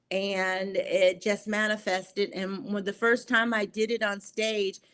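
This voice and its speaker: A woman guest, a poet and filmmaker, recounting personal stories in an interview with earnest emotion and halting fillers. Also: mid-range voice, fairly bright tone. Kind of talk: storytelling interview talk.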